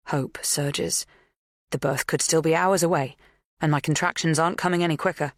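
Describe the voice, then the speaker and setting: A woman reading a first-person suspense audiobook in a tense, measured way. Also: sits low, steady tone, no room sound, studio quality. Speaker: audiobook narrator. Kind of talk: first-person thriller narration.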